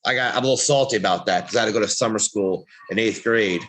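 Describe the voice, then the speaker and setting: A man's voice: on the low side, quick pace, fairly bright tone. A man co-hosting a podcast, talking in a blunt, profane, preachy way as he gives motivational advice in casual chat. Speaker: podcast co-host.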